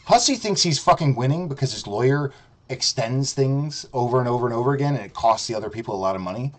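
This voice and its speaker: A man's voice: mid-range voice, animated, fast talker. Profane, heated male streamer ranting. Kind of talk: ranting commentary.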